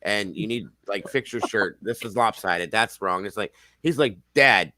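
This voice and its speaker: A middle-aged man hosting a casual group chat, talking in a lively way, swearing a lot and laughing often. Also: lowish voice, moderate pace, no room sound. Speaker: podcast host.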